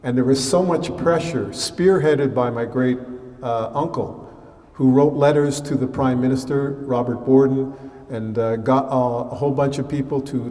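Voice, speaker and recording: A man's voice: medium pitch, mellow, far from the mic. Man lecturing in an echoey hall. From Canada, born in Halifax. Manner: conversational, many fillers, mimics relatives in quotes. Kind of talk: public lecture.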